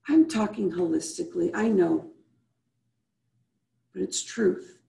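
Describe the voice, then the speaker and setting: A woman's mellow, gravelly voice comes over a video call, echoing in the room. She coaches her audience with repeated rhetorical questions and guides them through slow breaths. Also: lowish voice. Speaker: host and business coach. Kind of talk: motivational show wrap-up with guided breathing.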